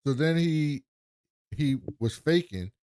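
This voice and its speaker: A man's voice: a little high, expressive, takes it slowly, a little mellow, smooth, dry recording, studio quality. A man co-hosting a podcast, rambling through a story recap with lots of fillers and voices for the characters. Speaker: podcast co-host. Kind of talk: casual recap chat.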